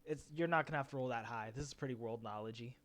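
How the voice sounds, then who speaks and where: A man's voice: medium pitch, fast talker, a bit bright. A man running a tabletop game as game master, casual and hesitant, with many fillers.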